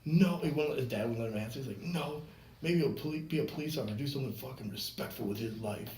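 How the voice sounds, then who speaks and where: A man's voice: medium pitch, quick pace. A man hosting a podcast, telling a story casually with lots of swearing and acting out the voices of the people in it. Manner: profane, animated, acts out quoted voices. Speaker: podcast host. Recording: echoey room with faint noise.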